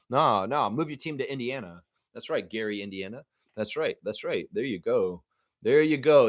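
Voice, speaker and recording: A man hosting a live sports fan stream who rants about basketball in an animated, profane way. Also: medium pitch, no room sound, clean studio sound.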